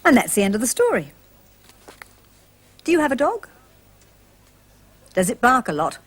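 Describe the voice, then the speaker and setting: With a slightly high voice that has a breathy edge, a woman reads a storybook to young children at normal speed. She's gentle and expressive and asks the listeners questions.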